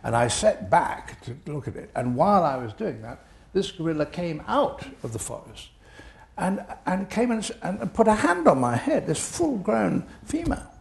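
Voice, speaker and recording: Older guy telling stories in an interview, gravelly voice, pitch all over the place. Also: normal speed. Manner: animated, chuckling storyteller. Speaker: interview guest. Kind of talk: storytelling anecdotes in an interview.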